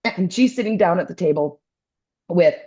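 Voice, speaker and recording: A woman co-hosting a podcast, telling a story with energy and acting out the other people's voices, with some throat-clearing. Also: on the low side, expressive, normal speed, dark tone, highs cut off. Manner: acts out voices in her anecdotes, keeps clearing her throat. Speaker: podcast co-host. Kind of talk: animated storytelling chat.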